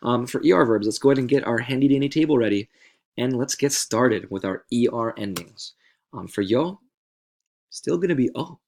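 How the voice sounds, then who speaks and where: A man's voice: medium pitch, expressive, normal speed, a little mellow. A man teaching Spanish verb endings in a video lesson, patient and repeating words to stress how they sound.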